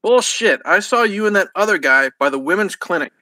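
A loud, crude, gluttonous brute, as a man reading a story puts him on, sneering insults in a high, tight voice. The sound is dry and close to the mic, with no room around it. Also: expressive, brisk, no room sound, poor audio. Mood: angry, sneering.

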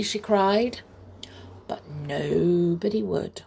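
A woman reading a children's story aloud with expressive, slow delivery and whispered asides. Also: lowish voice, vocal fry, breathy edge.

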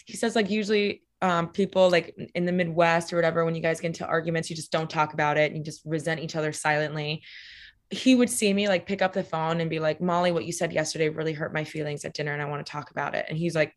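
A woman's voice: deep voice, fairly even intonation, fast talker. A young adult woman telling personal stories in casual talk, candid and full of "like" fillers and swearing, acting out quoted lines.

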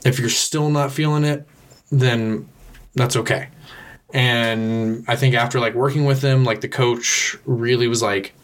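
A man's voice: mid-range voice, steady tone, a little slow. A man co-hosting a podcast, explaining a film in casual chat with many restarts and filler words. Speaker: podcast co-host.

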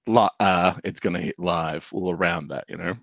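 A man's voice: low-pitched, fairly even intonation, moderate pace, fairly bright tone, no echo. A young Australian man with an Australian accent, a guest on a casual podcast, chatty and rambling. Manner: chatty, rambling, slips into impressions. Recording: slightly dull, lo-fi mic.

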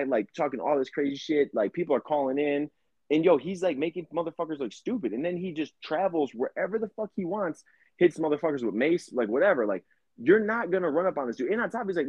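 Husky male podcast co-host, animated and profane, dry and slightly dull sound. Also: a little high, fast, no room sound. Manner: profane, animated storytelling with put-on quotes. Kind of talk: casual chat.

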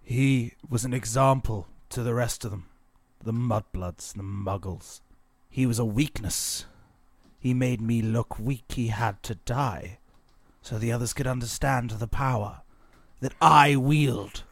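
A man voicing a sneering ghostly dark lord with a put-on posh British accent, in a tabletop game. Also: medium pitch, measured pace, creaky, no echo. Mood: cold. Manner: sardonic, mocking, laughs between lines.

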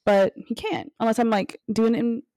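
A woman's voice: on the high side, fairly even intonation, normal speed, mellow, no room sound, clean studio sound. A woman co-hosting a casual podcast quiz, chatty and swearing freely as she coaxes with hints. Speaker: podcast co-host asking quiz questions. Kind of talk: casual chat.

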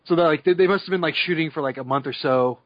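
Speaking fast in a fairly high pitch, this podcast co-host rambles through casual conversation with lots of "like"s and laughter. The recording is dry, slightly dull, and free of echo.

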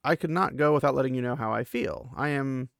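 A man voicing an earnest, nervous young noblewoman in a casual book recap, raising his voice into a breathy girlish tone. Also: mid-range voice, brisk, no room sound, studio quality, natural voice.

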